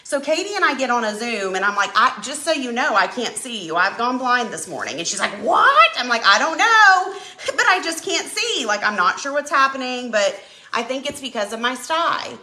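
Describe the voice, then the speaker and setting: Lively, bright woman telling a story. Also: on the high side, fairly quick, reverberant. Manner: animated, dramatic storyteller. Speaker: craft channel host. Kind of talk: casual live-stream chat while painting.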